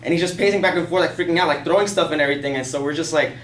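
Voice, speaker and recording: Speaking rapid-fire in a slightly high voice, a young man recounts a personal story to his class, loosely rambling with plenty of "like" and swearing. The mic sits far away in an echoey classroom, leaving a faint hiss.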